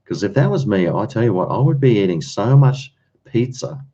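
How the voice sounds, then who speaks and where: A man with a low, mellow voice chats loosely with his livestream audience and reads their comments aloud. His talk wanders from topic to topic. The audio is dull and lo-fi. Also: very animated, normal speed. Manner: chatty, rambling, answers chat comments. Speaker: livestream host. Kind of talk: casual chat with viewers.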